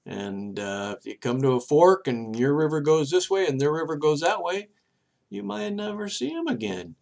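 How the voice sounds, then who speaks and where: A man hosting his own show, giving a rambling, halting religious monologue, dropping soft low asides between loud emphatic bursts. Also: very animated, vocal fry. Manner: rambling, halting, many restarts and fillers. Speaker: show host.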